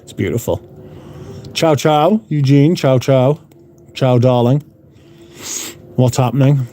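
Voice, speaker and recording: Sweary man with a dark, mellow voice. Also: mid-range voice, slow, a little hiss or hum. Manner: sweary, blunt. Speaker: livestream host. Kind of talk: casual chat reading out viewer comments. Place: room at home.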